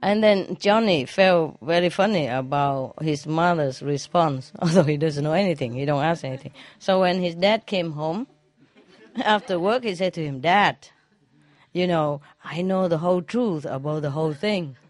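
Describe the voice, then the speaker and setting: A woman's voice: low voice, normal speed. A woman telling a string of jokes to an audience, often laughing at her own punchlines and dropping verb endings. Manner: non-native grammar, drops verb endings. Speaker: joke teller.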